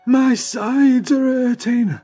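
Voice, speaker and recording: Delighted male club punter, shrill and drawn-out, voiced by a male narrator. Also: fairly even intonation, soft background music, exaggerated voice. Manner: loud, high and drawn-out.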